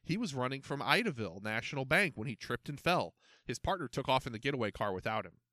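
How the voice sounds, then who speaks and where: A calm, reassuring police chief and father , voiced by a man reading aloud. His voice is bright and lively in pitch. It is a close, dry recording. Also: fast, dry recording. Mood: cheerful.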